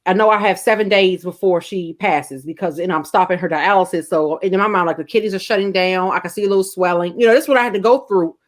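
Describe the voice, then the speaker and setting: Middle-aged woman, rapid delivery, blunt and profane, emotional storyteller, casual chat. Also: lowish voice. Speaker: podcast guest co-host.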